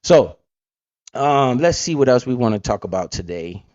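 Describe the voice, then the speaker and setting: A blunt, streetwise man hosting a profane, casual money-talk livestream, with big swings in pitch as he talks. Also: lively intonation, normal speed, a little mellow, no echo, muffled recording. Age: adult parent. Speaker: livestream host.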